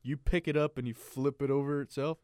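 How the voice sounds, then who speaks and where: A man's voice: mid-range voice, fairly even intonation, brisk, darkish tone, clear, resonant tone, no room sound, clean studio sound. A man co-hosting a sports podcast in casual chat, rambling with lots of fillers. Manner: rambling, filler-heavy, laughs easily. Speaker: podcast co-host.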